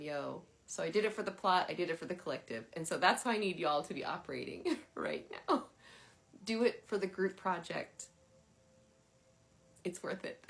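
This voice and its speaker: A woman's voice: on the low side, a bit bright. A woman in her thirties hosting a casual spiritual livestream, chatty with frequent laughter and lots of filler words, talking into a phone. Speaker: spiritual dowsing host.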